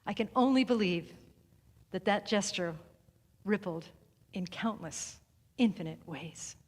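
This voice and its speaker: Woman preaching a story sermon, slow deliberate pauses, long hall echo around her. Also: mid-range voice, breathy edge. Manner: measured, deliberate, with long pauses and softened phrases. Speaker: speaker at a spiritual center service. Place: sanctuary hall. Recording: reverberant hall recording.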